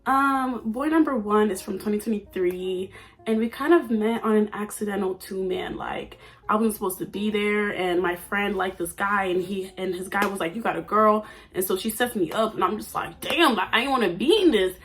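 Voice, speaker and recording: A woman's voice: mid-range voice, moderate pace, a bit bright, slight background noise. A nineteen-year-old woman vlogging at home in a chatty, playful, oversharing way. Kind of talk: casual chat. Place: at home under a ring light.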